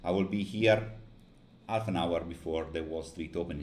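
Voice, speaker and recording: Very deep-voiced tired man commentating markets. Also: moderate pace, a little mellow. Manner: frustrated, complaining. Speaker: live trading streamer. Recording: echoey room, faint noise.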